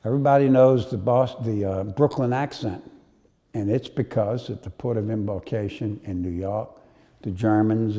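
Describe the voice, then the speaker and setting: An older man with a New Orleans accent, telling stories in an interview, unhurried and full of uh fillers. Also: on the low side, warm tone. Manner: storytelling, unhurried, with frequent uh fillers. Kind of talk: reminiscing interview. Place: historic house. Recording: long hall reverb.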